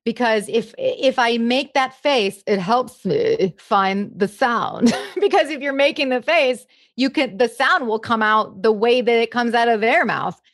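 Lively woman guest, talks shop with a laugh, dry close mic. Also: on the high side, a little slow, no echo. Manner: animated, laughs often, slips into brief impressions. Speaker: impressionist guest. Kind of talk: casual interview chat.

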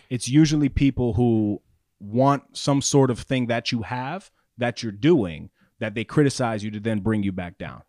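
A man co-hosting a casual podcast, telling stories with lively put-on voices for the people he quotes. His voice sits in a middle register and comes through a dry, close mic with no room sound. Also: medium pitch, no echo. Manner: animated storyteller, acts out quoted voices. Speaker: podcast co-host. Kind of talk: casual chat.

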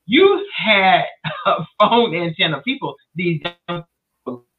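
A woman hosting a faith conversation over a remote call, encouraging and animated. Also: lowish voice, a little slow, music in the background. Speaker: host. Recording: tinny remote phone line.

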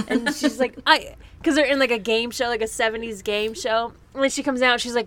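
A woman's voice: fairly high pitch, fairly even intonation, fast talker, no echo. A woman hosting a casual chat, enthusiastically retelling scenes in quoted voices.

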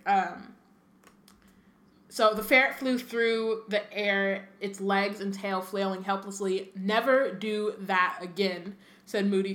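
Young woman reading a book aloud for a podcast, chatty asides, bright voice, roomy echo. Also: mid-range voice. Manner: chatty, laughs often, reads with asides. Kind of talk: casual chat and reading aloud.

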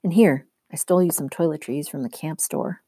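A laid-back teen boy counselor with a bitter edge, tossing off casual lines, as a woman reads him aloud. The voice stays low and mellow, dry and close. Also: brisk, breathy edge, no echo. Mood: offhand.

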